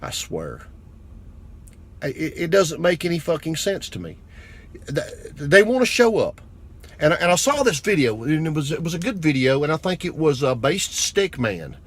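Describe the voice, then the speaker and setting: A man's voice: on the high side, sing-song, moderate pace, breathy edge. Profane man ranting. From United States. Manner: blunt, crude, self-deprecating, builds to shouting anger. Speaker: vlogger. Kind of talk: profane political rant to camera.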